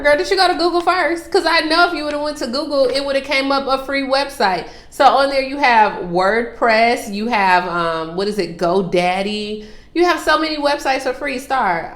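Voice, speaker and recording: A woman's voice: on the high side, fairly bright tone, echoey room. A woman hosting a casual Q&A vlog, sassy and teasing as she answers viewer questions and calls them girl and sis.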